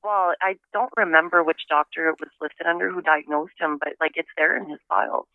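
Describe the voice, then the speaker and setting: A woman giving an interview over the phone, telling her story in a halting, reflective way. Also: low voice, fairly even intonation, vocal fry, no echo. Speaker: interviewee, daughter of the subject. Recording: narrow tinny phone line.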